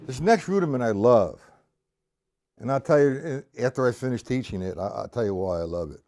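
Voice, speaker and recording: A man's voice: medium pitch, lively intonation, fairly quick. A middle-aged man teaching drum rudiments on a live stream, counting beats aloud and chatting casually with viewers. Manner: counts beats aloud over his own drumming, chatty asides to viewers. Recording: loud drum kit playing alongside the voice.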